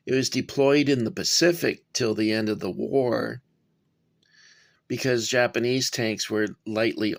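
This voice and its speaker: This man's voice is creaky and on the low side. He's in a cramped home workspace giving viewers a laid-back review of a toy gun model, full of filler words and chatty remarks to "guys."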